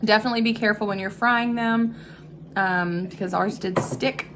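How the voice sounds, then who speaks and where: A woman hosting a casual home cooking vlog from her kitchen, chatty and quick to laugh, with frequent "um"s. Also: medium pitch, fairly even intonation, fairly bright tone, a little hiss or hum. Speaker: cooking vlog host and mother.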